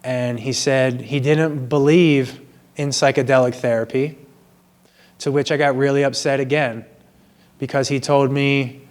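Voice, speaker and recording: A man in an earnest, apologetic personal monologue, speaking slowly and in a measured way, recorded in a gym. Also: medium pitch, fairly even intonation. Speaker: vlogger sharing personal confessions.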